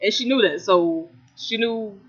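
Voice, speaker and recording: Bright-voiced young man, profane storyteller. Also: high-pitched, unhurried, husky. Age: young adult. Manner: profane, animated storytelling with mocking quoted voices. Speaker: podcast co-host. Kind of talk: casual chat. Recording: dull lo-fi recording.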